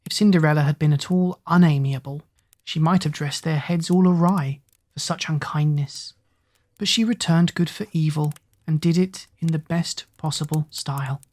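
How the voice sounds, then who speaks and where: Soothing, husky woman telling a bedtime story. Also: sits low, darkish tone.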